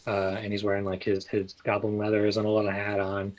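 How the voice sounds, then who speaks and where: A man's voice: fairly low pitch, fairly quick, rough recording. A man, a guest chatting casually about his small clothing business with lots of fillers. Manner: relaxed, rambling with many fillers and restarts. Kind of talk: casual interview chat.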